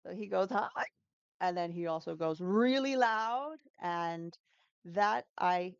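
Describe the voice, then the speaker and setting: A woman's voice: fairly low pitch, slow pace, creaky, clear, resonant tone, dry recording, lo-fi sound. A woman who teaches English pronunciation, chatting as an interview guest with lots of fillers and self-corrections. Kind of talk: casual interview answers.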